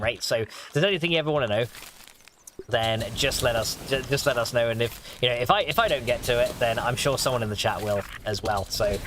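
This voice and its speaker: A man's voice: mid-range voice, noisy background. A man streaming a video game, chatting casually with viewers, reading their messages aloud with many restarts and fillers, and laughing often. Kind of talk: casual livestream chat. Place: home room.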